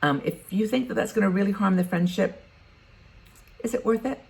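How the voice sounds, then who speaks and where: A woman's voice: medium pitch, normal speed, creaky. A woman in her sixties, talking frankly and conversationally as she gives advice in a casual vlog. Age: 60s. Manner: conversational and frank, thinking aloud. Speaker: vlogger giving advice to retired women.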